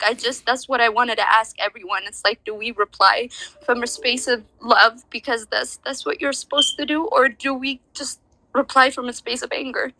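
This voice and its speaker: A woman's voice: on the high side, creaky, sharp tone, no room sound, poor audio. A tearful woman speaking earnestly in an online audio discussion, grateful and searching for answers. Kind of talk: emotional personal testimony.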